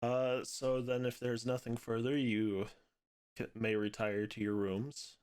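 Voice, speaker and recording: A man running a tabletop game as game master, speaking in a relaxed, somewhat hesitant way. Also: medium pitch, measured pace, smooth.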